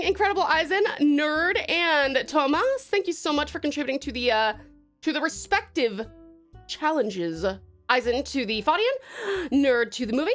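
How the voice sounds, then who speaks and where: A young Australian woman streamer from Tasmania, warmly and effusively thanking viewers by name and swearing freely. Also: sits high. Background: faint music.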